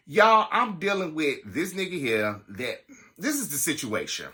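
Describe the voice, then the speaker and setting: A man telling a personal story to his viewers in a casual, animated and profane way. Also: fairly high pitch, unhurried. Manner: animated, profane, dramatic retelling.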